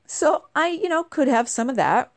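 A woman's voice: high-pitched, very animated, normal speed, dry recording, studio quality. A middle-aged woman chatting casually to camera at home, bubbly and rambling, her voice a little nasal from a congested cold. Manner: bubbly, chatty, wandering asides. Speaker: vlogger.

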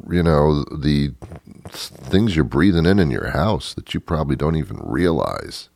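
A man's voice: deep voice, no room sound, clean studio sound. An older man hosting a radio show, rambling in a grumpy, sarcastic monologue.

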